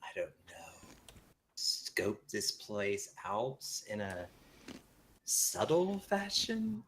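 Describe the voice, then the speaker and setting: Haughty woman officer, mocking, low and lively delivery, man reading her. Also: drawn-out words, slight background noise, heavily acted. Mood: chiding. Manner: sarcastic, mocking. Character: haughty woman lieutenant, condescending and smug.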